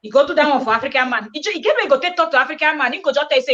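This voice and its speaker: A woman's voice: high voice, expressive, rapid-fire, a bit bright, highs cut off. A woman from Nigeria with a Nigerian accent, talking animatedly on a live-stream panel and slipping into Pidgin. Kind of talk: casual live-stream discussion.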